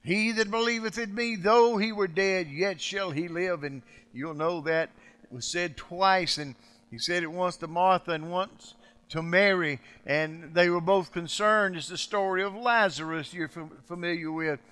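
A male preacher delivers a sermon with a bright, slightly raised voice. He acts out quoted speech and swings dramatically from loud outbursts to hushed, soft lines. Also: high-pitched, measured pace, clear, resonant tone.

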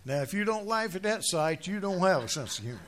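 An older man preaches in a folksy, joking way, his voice sitting high for a man. He drifts into low, quiet asides, then climbs to loud, punchy declarations when he drives a point home. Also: big pitch swings, fast talker, slight background noise. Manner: storytelling with jokes, swings from low asides to loud emphatic points. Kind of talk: folksy humorous sermon.

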